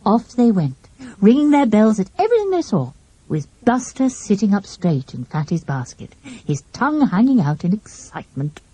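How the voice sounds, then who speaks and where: A woman narrating a children's mystery audiobook with a lively, expressive reading. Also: mid-range voice, slightly rough, dry recording. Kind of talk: storybook narration.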